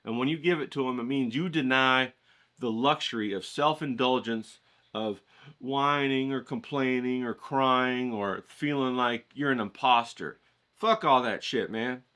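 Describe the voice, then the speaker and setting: A man's voice: medium pitch, measured pace, pushed and bright. A man giving a folksy, profane motivational rant to his stream audience. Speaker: art streamer.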